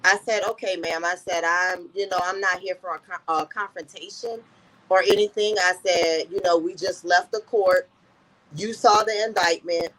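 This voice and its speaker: A woman's voice: lowish voice, steady tone, normal speed, a bit bright, a little hiss or hum, low-quality recording. A woman guest in an interview, earnestly telling a personal story and often repeating "I said" as she recounts conversations.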